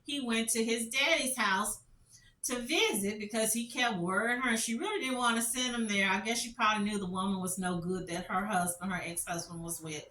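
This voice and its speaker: A woman's voice: mid-range voice, moderate pace, pushed and bright, reverberant, recorded from a distance, slight background noise. A middle-aged woman telling stories as a commentary vlogger, passionate and repetitive, full of rhetorical questions. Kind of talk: emotional storytelling commentary.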